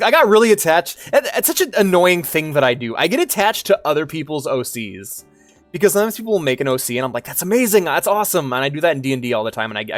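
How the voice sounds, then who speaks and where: A male streamer talks casually while playing, rambling and sheepish, stumbling over his words and swearing freely. His pitch sits in an ordinary middle range. Music plays faintly behind him. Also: no echo. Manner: rambling, sheepish, swears a lot, many restarts.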